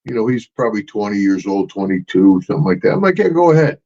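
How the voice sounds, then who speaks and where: With a lowish, darkish voice and a quick pace, this Louisiana podcast co-host, once a wrestler, spins rowdy stories in a casual chat. He laughs a lot and imitates the people he's describing. The recording is dull and lo-fi.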